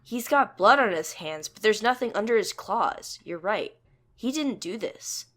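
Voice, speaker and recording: A calm elder leader and preacher with a soft, steady, reassuring way of speaking, voiced by a woman. He keeps his words measured and gentle. He is a storybook elder. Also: medium pitch, voice pushed up.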